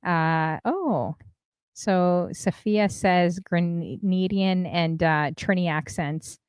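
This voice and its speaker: A woman's voice: fairly low pitch, very slow, darkish tone, clean tone, no echo, clean studio sound. A woman hosting a casual live stream, chatting, laughing and reading out viewers' comments. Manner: chatty, reads out chat comments, laughs often. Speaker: host.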